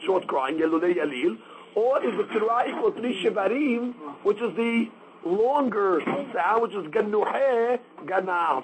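Guy teaching talmud, fairly high voice, goes step by step, slight hiss behind. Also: rough recording. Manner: explains step by step, mixing Aramaic quotes with English. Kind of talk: daily Talmud class.

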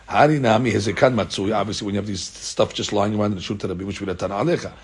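A man's voice: on the low side, very fast, breathy edge. A man teaching a daily Talmud class, reading out Aramaic text and explaining it in casual English with rhetorical questions and many fillers.

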